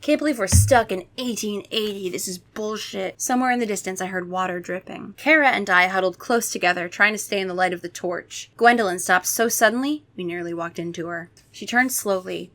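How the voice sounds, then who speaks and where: A woman's voice: medium pitch, fairly quick, few pauses, a bit bright. A woman reading a children's horror book aloud for comedy, breaking off into sarcastic, swearing asides. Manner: sarcastic, swears, shifts between reading and riffing.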